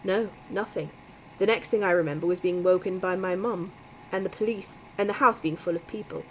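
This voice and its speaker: A dry, wry young man, as a woman reading a mystery novel aloud puts him on. He answers plainly, a little lower and softer than the narration. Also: a little fast, a little hiss or hum, natural voice, rough recording.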